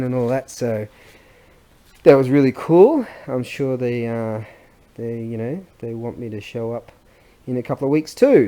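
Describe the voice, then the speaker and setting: A man's voice: mid-range voice, warm tone. A man, chatting casually in a rambling, self-interrupting vlog. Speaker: vlogger.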